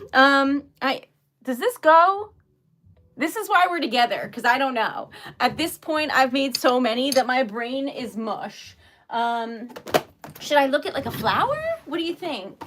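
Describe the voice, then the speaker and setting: A woman's voice: on the high side, background noise. Giggly chatty woman crafting live. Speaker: craft livestream host. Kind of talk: casual chat while crafting. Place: home craft table.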